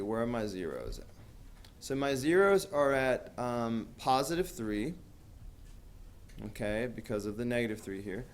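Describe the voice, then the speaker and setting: A man teaching a math class, talking casually with lots of fillers and asking students questions. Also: medium pitch. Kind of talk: classroom lecture.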